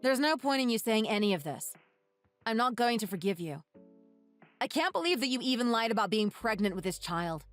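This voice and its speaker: A woman plays a wronged young bride, firm and scornful, with a slightly high voice. Her pitch moves in a lively way as she delivers cold, triumphant lines. She is a character in a storybook text-message drama. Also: fairly quick, faint music behind.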